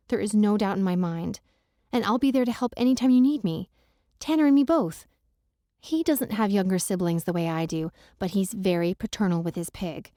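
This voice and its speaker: Woman narrator doing a teasing, insistent best friend in an audiobook; mellow tone, dry close read. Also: mid-range voice, no room sound, close to an everyday voice. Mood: warm, supportive. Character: protective, wisecracking young married woman friend. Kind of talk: audiobook dialogue reading.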